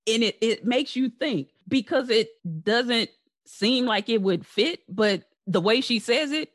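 A woman hosts a podcast, chatting casually with her guest, laughing easily, and telling stories in a relaxed way. Her voice is a little high and her pace a little slow.

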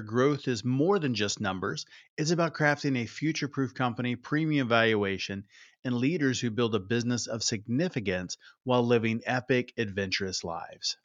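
A man hosts a podcast and talks through a story with energy, in the easy tone of conversation. His voice sits at an ordinary middle pitch. The sound is dry and a little muffled. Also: fairly bright tone, no room sound. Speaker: podcast host. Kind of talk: podcast monologue.

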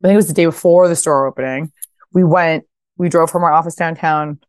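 A woman in her thirties with a notably low voice tells stories on a podcast. She talks casually, drops the odd swear, and lifts into high voices to act out quotes. The sound is close and dry. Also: steady tone, a little fast, no room sound. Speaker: guest, fashion brand founder. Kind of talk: casual interview storytelling.

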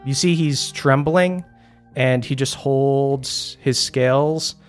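A man narrating a tabletop game as game master, describing scenes vividly with quick asides to the players. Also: medium pitch, soft background music. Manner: descriptive, animated narration with frequent laughter.

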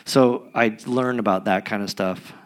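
A man, a musician guest, telling stories in a rambling, animated way with many restarts during a live podcast interview. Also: on the low side, measured pace. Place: recording studio with live audience.

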